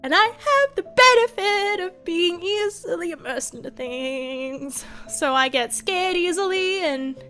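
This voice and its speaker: Chatty woman vtuber, high sparkly voice, rambles w lots of likes and restarts. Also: lively intonation, unhurried, few pauses, pushed and bright, faint music behind. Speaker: VTuber streamer. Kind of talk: casual stream chat.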